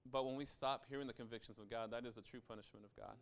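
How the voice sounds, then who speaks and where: A man's voice: medium pitch, fairly even intonation, quick pace. A young adult man preaching a sermon as pastor, in a conversational style with frequent asides to the listeners.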